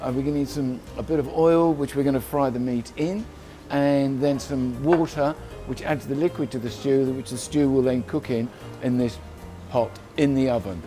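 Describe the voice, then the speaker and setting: A man's voice: mid-range voice, moderate pace, few pauses, dark tone, faint music behind. A man from London giving a casual cooking demonstration, chatty and rambling, often correcting himself as he goes. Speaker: cook.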